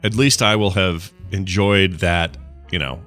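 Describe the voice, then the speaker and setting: A man with a deep, forceful voice co-hosts a relaxed morning talk show. He rambles through everyday stories, restarting and correcting himself as he goes. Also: measured pace, faint music behind. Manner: rambling, self-interrupting storyteller. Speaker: podcast co-host. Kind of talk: casual chat.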